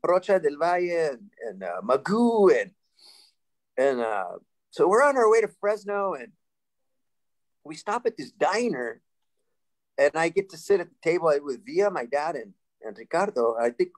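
A man in his sixties from Sacramento, California, telling lively stories as a panel guest, laughing and restarting often. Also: a little high, normal speed, poor audio. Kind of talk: casual storytelling.

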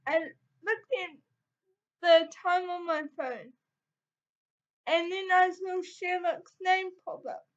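High, slow female reader narrating a home-made audio story, quiet and halting. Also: fairly even intonation, lo-fi sound. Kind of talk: amateur audio story reading.

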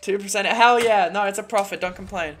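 A woman hosting a live stream in casual chat, rambling, excitable, swearing and laughing often. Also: medium pitch, brisk, faint music behind. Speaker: streamer host.

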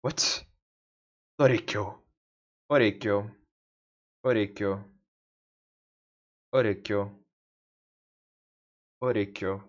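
Portuguese-native man, very slow, repetitive self-study drills; dull lo-fi home recording. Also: on the low side, fairly even intonation. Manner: repeats words aloud over and over, mutters to himself. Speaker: language learner. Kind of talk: casual self-study practice.

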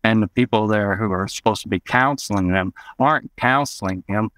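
Man, low and smooth, dry close mic, rambling storyteller. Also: brisk, a bit bright, dry recording. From Arkansas, US. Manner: rambling, many "you know" asides. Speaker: guest. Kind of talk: personal storytelling in an interview.

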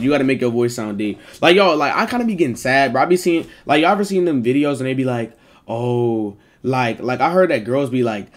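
A streamer man chatting live with his viewers, his voice sitting at an ordinary middle pitch. He jokes and banters in quick, slangy bursts, swearing freely as he asks his audience for advice. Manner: animated, joking, heavy slang and swearing.

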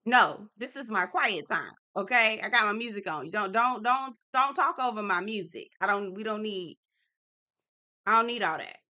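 A woman putting on the voice of an exasperated, bossy woman who scolds a friend to sit down and be quiet. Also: mid-range voice, expressive, moderate pace.

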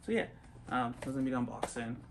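A young man hosting a casual unboxing vlog, talking in an awkward monotone full of ums. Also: mid-range voice, very fast, gravelly. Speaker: unboxing vlogger. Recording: faint background noise.

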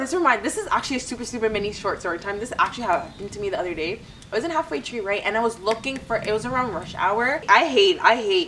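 A young woman telling chatty, animated stories as a vlogger. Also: mid-range voice, recorded from a distance, slight background noise, rough recording. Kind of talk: casual storytime.

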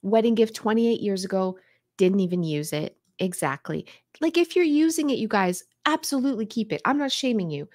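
A woman's voice: mid-range voice, expressive, fairly quick, a little mellow, dry recording, clean studio sound. A woman hosting a decluttering livestream, chatting casually and reading viewer comments in a playful, frank way.

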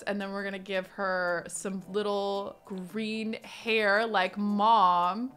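A woman's voice: medium pitch, sharp tone. A young adult woman giving casual, chatty commentary while playing a life-sim game, bubbly and full of fond exclamations. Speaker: gaming YouTuber.

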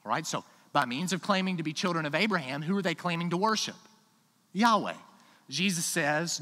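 Male pastor, high lively voice, long church reverb, emphatic sermon delivery. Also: fairly quick. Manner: emphatic, swings from quiet asides to loud declarations. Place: church sanctuary.

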